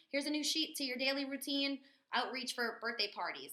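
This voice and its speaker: Bright, energetic woman trainer. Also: high-pitched, brisk, hardly any pauses. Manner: energetic, chatty, lots of fillers. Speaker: corporate sales trainer. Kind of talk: webinar training talk. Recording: echoey room.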